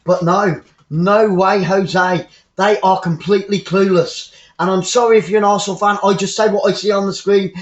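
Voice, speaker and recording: A man giving blunt, excitable live football fan commentary, often repeating himself. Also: high voice, moderate pace, echoey room, muffled recording.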